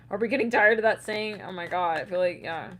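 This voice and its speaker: A woman giving a casual tarot reading, chatty and quick to laugh, with loose swearing. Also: medium pitch, a bit bright, slight background noise. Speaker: tarot reader.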